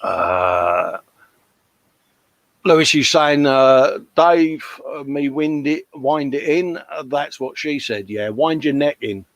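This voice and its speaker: A man's voice: a little high, expressive, slow, a bit bright, no echo. A man hosting a live modelling stream, chatting casually and bantering with viewers' comments. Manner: chatty, matey, jokey banter. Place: hobby workshop at a bench.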